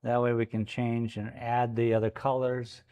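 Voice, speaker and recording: A man's voice: mid-range voice, flat delivery, moderate pace, mellow, clear, resonant tone. A man chatting casually and playfully on a live stream from a gallery studio while he paints, joking with his puppy.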